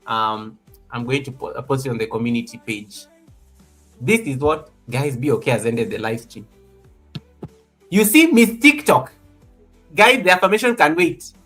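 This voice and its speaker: A man's voice: medium pitch, very animated, normal speed, pauses often, a bit bright, soft background music. A man hosting a live stream in casual chat from an office, teasing and laughing often and making mock threats.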